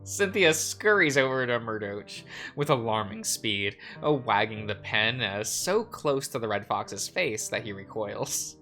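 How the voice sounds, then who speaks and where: A man's voice: on the low side, expressive, a little slow, sharp tone, soft background music. A man hosting a game playthrough, reading the narration aloud and joking with a co-player. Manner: laughs often, joking. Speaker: let's play host. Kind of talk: reading a visual novel aloud with chat.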